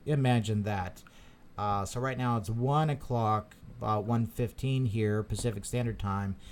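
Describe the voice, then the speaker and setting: A man's voice: lowish voice, measured pace, a little mellow, a little hiss or hum. A man hosting a live stream, chatting casually and reading out viewer comments, rambling with many repeated words and fillers. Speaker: crypto channel host.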